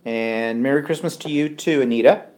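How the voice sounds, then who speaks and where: A man's voice: medium pitch, normal speed, darkish tone. Man, live-stream co-host at home, chatty, reads viewer comments, casual. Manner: chatty, reads comments aloud, frequent ums.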